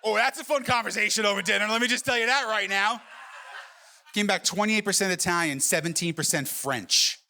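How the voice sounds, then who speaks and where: A man's voice: sits high, a little fast, background noise. A middle-aged man doing a stand-up comedy set, telling brash, profane stories and peppering them with "right?" asides. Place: comedy club stage with live audience.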